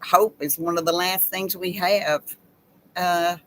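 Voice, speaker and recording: Slow, heartfelt woman host. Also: on the low side, fairly even intonation, a little hiss or hum, low-quality recording. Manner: slow, heartfelt, emotional reading. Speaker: channel host. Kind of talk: casual chat with live viewers.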